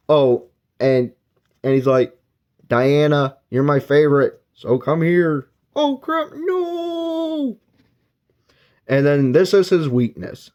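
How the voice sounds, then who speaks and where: A man's voice: mid-range voice, darkish tone. A man giving a casual, rambling spoken book review, retelling the plot and briefly acting out characters' lines. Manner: rambling plot recap with filler words.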